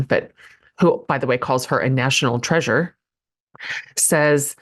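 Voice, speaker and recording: A woman in her forties hosting a podcast, introducing her guest with gushing emotion and plenty of ums and restarts. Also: low-pitched. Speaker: podcast host.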